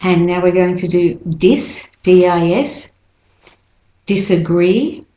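Slow, deliberate woman teaching pronunciation. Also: fairly low pitch, expressive, mellow, roomy sound, poor audio. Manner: repeats words slowly, stretching syllables.

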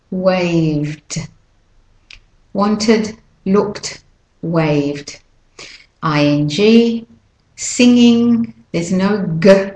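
Woman pronunciation teacher, low voice, unhurried and deliberate, in an echoey room. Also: darkish tone. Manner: slow, clear, repeats example words with drawn-out stress. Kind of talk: pronunciation lesson.

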